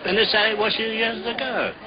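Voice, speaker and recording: A man's voice: high-pitched, steady tone, brisk. An older man with a Cockney accent chatting in a jokey, chuckling way. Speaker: interviewee. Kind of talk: casual chat. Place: busy pub. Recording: dull lo-fi film sound with pub crowd.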